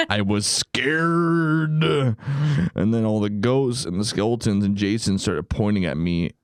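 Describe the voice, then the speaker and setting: A man with a fairly low voice reads scary stories aloud as a joke on a podcast. He hams up the lines in a mock-spooky narrator style and breaks into laughs. The sound is dry and close. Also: very animated, measured pace, darkish tone, no echo. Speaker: podcast co-host. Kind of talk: comedic reading of scary stories.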